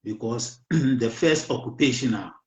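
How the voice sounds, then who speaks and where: Man, Ghanaian accent, hoarse, slow and halting, talk show host, muffled echoey room. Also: mid-range voice. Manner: slow, halting, mixes English into Twi. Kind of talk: casual political talk.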